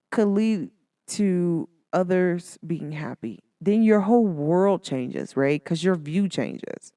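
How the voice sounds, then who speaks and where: A woman's voice: fairly low pitch, big pitch swings, slow, darkish tone, dry recording, studio quality. A woman hosting a casual motivational talk, chatty and encouraging, with lots of filler words. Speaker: podcast host.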